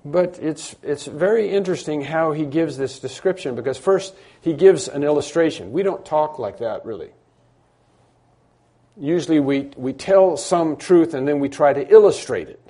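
A man's voice: on the high side, animated, moderate pace, dark tone. A man preaching a sermon, emphatic, building through repeated phrases and frequent restarts. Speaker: pastor.

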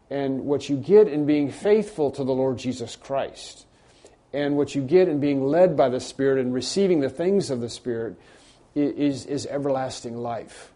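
Warm in tone and medium in pitch, this male pastor preaches an expository sermon at normal speed. He talks conversationally, with plenty of fillers and restarts, and turns emphatic when hitting the main points.

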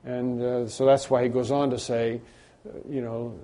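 A pastor preaching an expository sermon in a conversational way, with many fillers and restarts, rising to emphatic bursts on key points. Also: male voice, medium pitch, flat delivery, normal speed, mellow.

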